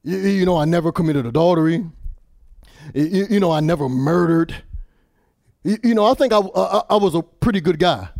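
A man acting out a nervous dead man who stutters and hesitates while pleading his case. The voice is high for a man and close, dry and direct. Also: fairly quick, creaky, darkish tone, dry recording.

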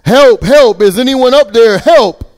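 A man voicing a panicked man dangling from a cliff, yelling and begging for help in a much higher, louder voice. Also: big pitch swings, a little slow, heavily acted. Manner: frantic, pleading yells.

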